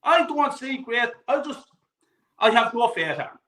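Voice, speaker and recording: A man's voice: very high-pitched, very animated, normal speed, sharp tone, roomy sound, rough recording. A man on a football fan panel, blunt and exasperated, swearing freely as he vents about his club. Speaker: panel guest. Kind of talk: heated football panel chat.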